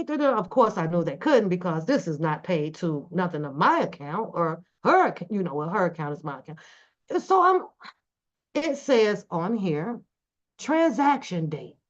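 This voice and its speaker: A middle-aged woman vlogging, telling a story casually to her viewers, animated and swearing freely. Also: a little high. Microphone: phone camera. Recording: dull lo-fi recording.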